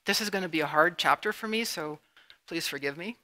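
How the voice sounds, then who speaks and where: A middle-aged woman from Canada giving a public lecture, emotional and halting with sudden emphatic bursts. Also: on the low side, pushed and bright. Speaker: public speaker. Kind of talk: lecture presentation with slides. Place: university lecture room.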